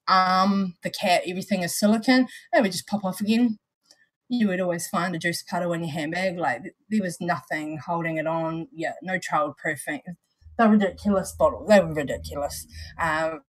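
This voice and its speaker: A woman with a New Zealand accent, co-hosting a casual chat and explaining things at length with lots of restarts. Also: fairly low pitch. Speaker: vape show co-host.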